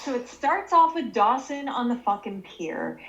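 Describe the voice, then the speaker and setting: Animated woman podcast host, casual. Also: a little high, unhurried, creaky. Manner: animated, recaps scenes with acted quotes, swears freely.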